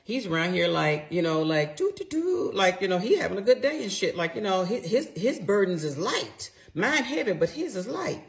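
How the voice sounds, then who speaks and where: A middle-aged woman, telling a personal story to her viewers in a casual, animated and emphatic way. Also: lowish voice, moderate pace, few pauses.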